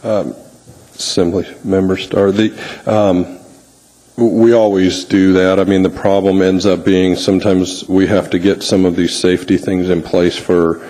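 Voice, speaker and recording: Very deep-voiced, hesitant male official. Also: flat delivery, dark tone, in a large hall, poor audio. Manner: hesitant, many pauses and fillers. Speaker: municipal official answering questions. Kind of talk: formal testimony at a meeting. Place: public assembly chamber.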